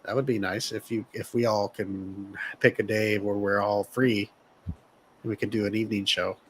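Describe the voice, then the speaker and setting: A man's voice: on the low side, level tone, normal speed, a little hiss or hum, low-quality recording. A man hosting a casual podcast chat, joking crudely with his co-hosts and often restarting his sentences. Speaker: podcast host.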